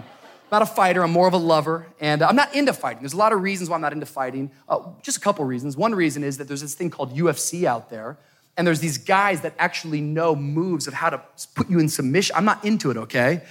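Animated preacher man with lively pitch. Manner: animated, jokey, building to loud preaching. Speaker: pastor. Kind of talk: sermon with humorous storytelling. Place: church sanctuary before a congregation.

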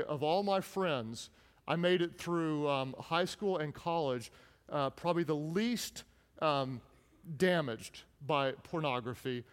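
A man's voice: on the high side, clean tone. A man in his thirties, a pastor preaching a sermon, telling a personal story in an earnest way with frequent restarts. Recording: long reverb in a large hall.

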